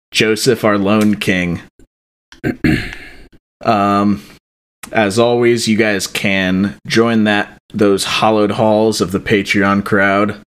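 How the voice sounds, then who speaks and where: A man's voice: on the low side, fairly bright tone, smooth. A young man hosting a podcast, reading thank-yous in an offhand, joking way with many fillers. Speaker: podcast host. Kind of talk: casual podcast chat.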